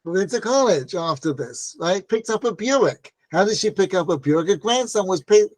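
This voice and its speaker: A man's voice: high-pitched, expressive, moderate pace, a little mellow, no room sound. A man teaching a Torah class, telling stories in a conversational way with frequent "right?" asides and acted-out quotes. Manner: acts out quoted voices in stories.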